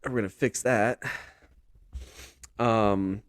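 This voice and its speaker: A man's voice: fairly low pitch, steady tone, very slow, smooth, no room sound, studio quality. A man hosting a sports vlog, talking in a casual, rambling monologue full of "dude" and "bro".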